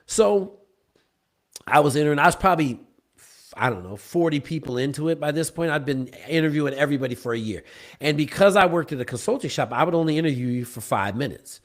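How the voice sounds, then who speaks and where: A podcast guest tells a story in animated conversation, his slightly high voice moving quickly with lively intonation. He's emphatic, peppering his account with "okay?" and "bro."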